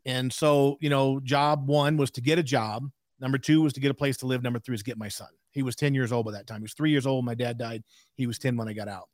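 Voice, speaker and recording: A man's voice: mid-range voice, fairly even intonation, fast, dry recording, clean studio sound. A man in his sixties, a podcast guest telling a candid story in an emphatic way with frequent asides.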